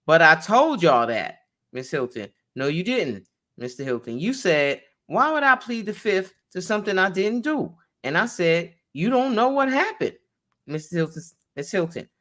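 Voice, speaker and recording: A woman attorney reading a court transcript aloud, calling out each speaker's name before their line and pausing to explain it. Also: fairly low pitch, sing-song, a bit bright.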